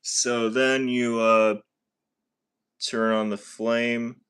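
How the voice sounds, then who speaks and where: A man's voice: mid-range voice, level tone, drawn-out words, a bit bright, rough recording. A man chatting casually on a phone livestream from his home kitchen, rambling and repeating his phrases as he makes coffee. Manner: rambling, repeats phrases, self-conscious asides. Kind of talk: casual livestream chat while cooking. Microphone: phone camera.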